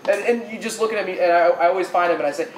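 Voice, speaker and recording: A man co-hosting a podcast, telling stories in a halting way, full of restarts, and acting out the people he describes. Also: high-pitched. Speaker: podcast co-host. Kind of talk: casual storytelling chat. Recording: roomy, with faint background noise.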